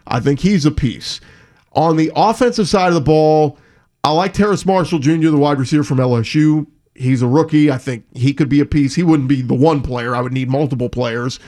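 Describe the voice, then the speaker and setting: A man's voice: on the high side, darkish tone. Man co-hosting sports talk. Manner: conversational, reads reports then lists players. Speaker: sports talk radio co-host.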